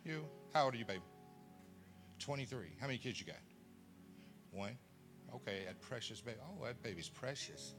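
A man's voice: medium pitch, moderate pace, long pauses, faint music behind. A man preaching to a live audience, telling funny family stories, acting out voices and questioning the crowd. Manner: animated storyteller who acts out family voices and quizzes the crowd. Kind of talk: storytelling sermon to a live audience.

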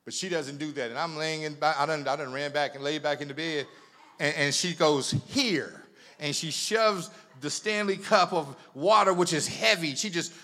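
A man's voice: a little high, moderate pace, pushed and bright. A man preaching as pastor, chatty and teasing, often repeating words as he tells a funny story. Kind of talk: sermon with humorous storytelling.

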